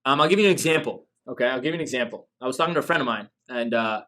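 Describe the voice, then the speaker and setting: A man's voice: mid-range voice, very fast, fairly bright tone. A man hosting a business coaching show, giving an emphatic motivational talk full of rhetorical questions.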